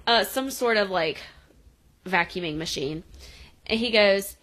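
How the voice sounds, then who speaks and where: A woman's voice: mid-range voice, a bit bright, rough recording. Woman podcast co-host, casual recap, playful line readings. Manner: acts out the characters' lines in quick voices while retelling.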